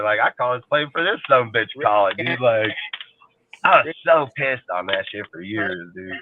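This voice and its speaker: A man's voice: fairly low pitch, lively intonation, moderate pace, a little hiss or hum. A man talking football on a casual sports talk show, rambling, profane and heated. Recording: tinny phone-like line, dry.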